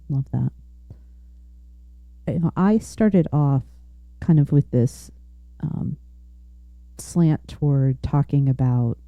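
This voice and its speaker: Deep-voiced woman host, measured. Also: dry recording, muffled recording. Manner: affirming, thoughtful, measured. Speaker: podcast host. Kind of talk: conversational interview.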